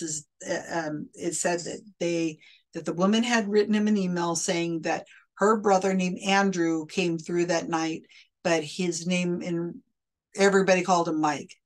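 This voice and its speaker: Woman host, lowish voice, casual wry explainer who restarts her sentences as she goes. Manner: chatty, wry, self-correcting.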